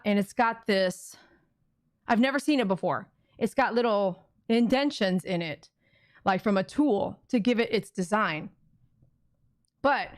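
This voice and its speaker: A middle-aged woman at home running a casual live auction stream, chatting with viewers and talking to her dogs. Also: medium pitch.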